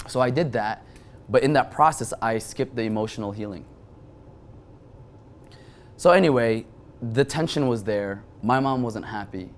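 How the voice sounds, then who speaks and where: A man in his twenties telling a personal story as an interview guest, talking in quick bursts with frequent restarts. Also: medium pitch, slight background noise. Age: 20s.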